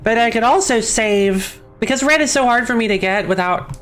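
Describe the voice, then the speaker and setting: A young woman with a slightly high voice streams a game, talking casually and giggling as she goes. She reads the game text aloud and keeps correcting herself as she speaks. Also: moderate pace, a bit bright. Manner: chatty, giggly, self-correcting.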